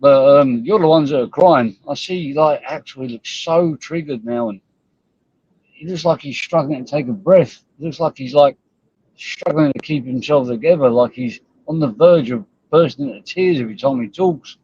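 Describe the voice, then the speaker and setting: A man's voice: on the high side, moderate pace, a little mellow, slightly rough, no room sound. Blunt, scornful man ranting. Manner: blunt, scornful, swears often. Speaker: live-stream host. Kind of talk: ranting live-stream commentary. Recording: dull lo-fi stream audio.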